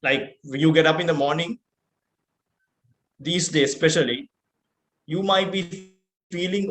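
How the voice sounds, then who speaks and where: A man's voice: high-pitched, a little slow, long pauses. Sri Lankan man giving an earnest keynote. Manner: earnest, with rhetorical questions. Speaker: keynote speaker. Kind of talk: motivational keynote speech. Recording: roomy echo.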